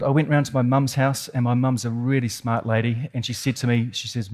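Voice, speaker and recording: A man's voice: mid-range voice, fairly even intonation, a little fast, few pauses, darkish tone. A man with a New Zealand accent giving a keynote talk, telling a dramatic personal story with vivid, suspenseful detail and emphatic repetition. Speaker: keynote speaker.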